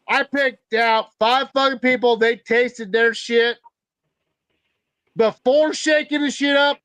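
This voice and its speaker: A man's voice: very high-pitched, steady tone, a little slow, a bit bright, dry recording. A man co-hosting a podcast, telling a heated, profanity-packed story as a moonshiner. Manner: heated, swearing constantly, ranting.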